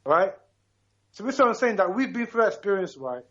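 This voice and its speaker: A man's voice: sits high, big pitch swings, fairly quick, a bit bright, highs cut off. A man in his fifties from Ghana calling into a radio talk show, talking emphatically and passionately, often checking in with "right?". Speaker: caller.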